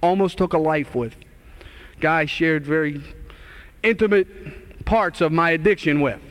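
A middle-aged preacher man telling his own story from the pulpit, high-pitched and fervent. He rises in pitch and volume when he acts out old conversations, and then he leans into earnest exhortation. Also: a little slow. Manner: impassioned, acts out dialogue in a raised voice. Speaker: minister giving his testimony. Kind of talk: testimony sermon to a live audience.

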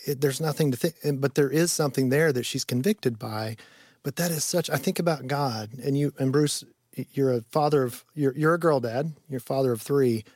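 A man's voice: medium pitch, brisk, darkish tone, no echo. A man, the show's producer, sitting in as a guest, with a mid-range voice. He speaks thoughtfully and reflectively. The mic is close and dry. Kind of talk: reflective studio chat. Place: radio studio.

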